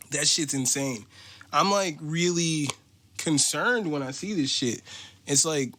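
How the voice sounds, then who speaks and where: A man's voice: a little high, fairly bright tone. An American man hosting a podcast, ranting in a casual, profane, mocking way. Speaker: podcast host.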